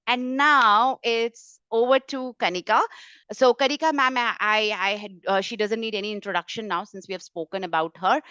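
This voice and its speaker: A woman's voice: fairly high pitch, fairly bright tone, dry recording. Woman hosting a language webinar. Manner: casual, encouraging. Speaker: webinar host. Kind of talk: webinar presentation. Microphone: video call. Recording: dry, dull call audio.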